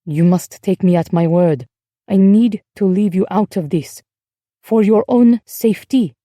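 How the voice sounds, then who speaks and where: A weary, secretive French husband, as a woman narrator voices him speaks in a low, guarded and tense way. The tone is mellow and the sound is dry and close. This is audiobook dialogue. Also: unhurried, dry recording, lightly acted.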